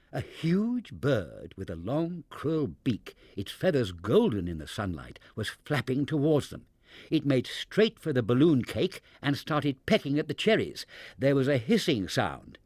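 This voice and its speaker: A man reading a children's storybook aloud in an expressive, animated manner into a close mic. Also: mid-range voice, measured pace, no echo.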